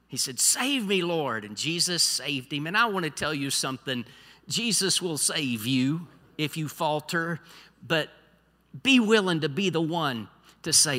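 High bright guy preaching, goes quiet then loud, big church echo. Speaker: pastor. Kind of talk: sermon. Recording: long hall reverb.

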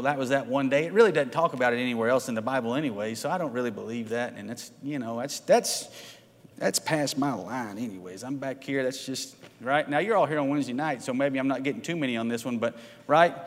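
A man's voice: mid-range voice, big-room sound. A man preaching a midweek sermon to his congregation, conversational, often checking in with "right?" and asking for a show of hands. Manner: conversational, asks the congregation questions, frequent "right?" tags. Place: church sanctuary.

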